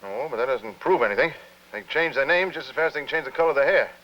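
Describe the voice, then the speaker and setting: An actor playing a cynical, wisecracking hotel clerk in a 1950s television drama. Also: male voice, mid-range voice, lively intonation, racing, a bit bright, close to an everyday voice. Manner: wisecracking and dismissive. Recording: dull lo-fi film sound.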